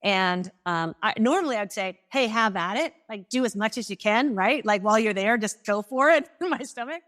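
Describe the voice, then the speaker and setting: A middle-aged woman telling her story as a guest, acting out what others said in a lively way. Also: mid-range voice, normal speed. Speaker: guest, author. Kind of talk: storytelling in conversation.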